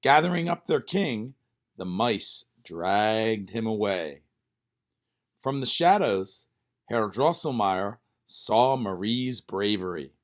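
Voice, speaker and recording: Man reading a bedtime story, slow and lively, soft music under it. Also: fairly low pitch. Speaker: narrator. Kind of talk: storybook narration. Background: faint music.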